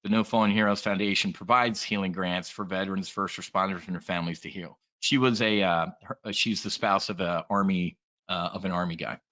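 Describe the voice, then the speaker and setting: Animated man presenting, bright dull-sounding recording. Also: low-pitched, a little fast. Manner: animated, joking, addresses the room directly. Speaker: trading educator. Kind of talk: energetic presentation to an audience.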